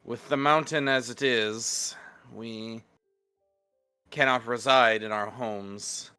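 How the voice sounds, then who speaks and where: A man voicing a formal merfolk woman who is an envoy of a queen, speaking in a measured, solemn way. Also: mid-range voice, steady tone, bright, forceful tone, clear, resonant tone, dry recording, soft background music. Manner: measured, solemn, slow delivery.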